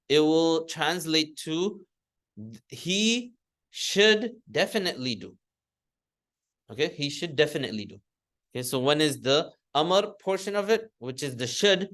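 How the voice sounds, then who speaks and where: A man's voice: mid-range voice, fairly bright tone. A man teaching an Arabic grammar class in a classroom, explaining step by step, often correcting himself and chanting word forms for students to repeat. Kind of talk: classroom lesson.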